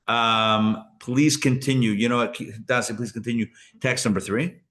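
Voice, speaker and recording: Man teaching a lively Torah class. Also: medium pitch, moderate pace. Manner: conversational, explains and paraphrases verses with lively emphasis. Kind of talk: live class lecture with discussion.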